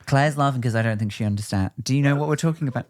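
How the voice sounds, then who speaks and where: A man's voice: medium pitch, rapid-fire. A man hosting a comedy podcast, chatting in a playful, teasing way and laughing often. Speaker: podcast host. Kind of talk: casual comedy chat.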